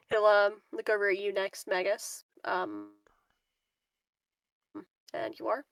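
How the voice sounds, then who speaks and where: A woman's voice: mid-range voice, level tone, slow, vocal fry. A young woman acting as game master on a voice call, rambling with lots of fillers and laughs. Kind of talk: narrating a tabletop game.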